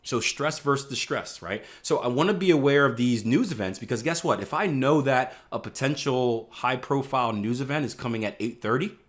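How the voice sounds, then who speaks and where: Fairly quick with few pauses, a man with a medium-pitched voice and lively intonation runs a live online trading class. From the Northeast US, he talks conversationally, tosses in "right?" often, and plays out panicked traders.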